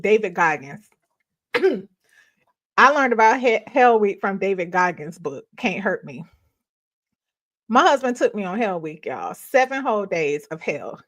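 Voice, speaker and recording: This middle-aged woman hosts a ministry live stream, speaking in a mid-range voice. She tells a personal story in a casual, animated way and keeps breaking into laughter.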